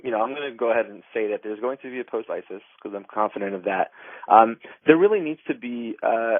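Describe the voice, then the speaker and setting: A man's voice: medium pitch, no room sound. A man giving a radio interview by phone as an advocacy group director, earnest and full of fillers and restarts. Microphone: telephone. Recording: tinny phone line.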